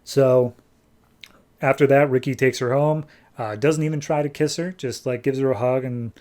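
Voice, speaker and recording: Man, podcast host, chatty comic recap, casual filler-heavy storytelling, mid-pitch voice. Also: steady tone, moderate pace, a little mellow.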